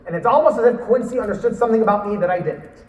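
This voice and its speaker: High-voiced man telling a story on a hall stage, animated, acts out lines, distant mic. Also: racing, slight background noise. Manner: animated, acts out quotes and laughs. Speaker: speaker. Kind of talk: storytelling talk.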